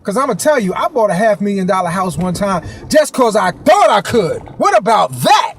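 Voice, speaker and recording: A man giving a motivational talk, telling stories loudly with slang, laughing often and acting out other people's lines. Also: high voice, big pitch swings, normal speed, a little hiss or hum. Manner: loud, laughing, street slang, acts out quotes. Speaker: motivational speaker. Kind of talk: animated motivational storytelling.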